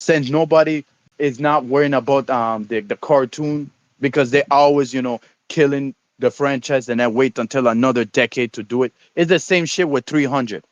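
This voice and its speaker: A man's voice: mid-range voice, no echo. Rambling man on a slightly dull mic. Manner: rambling, halting, repeats words. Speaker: stream co-host. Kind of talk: casual chat.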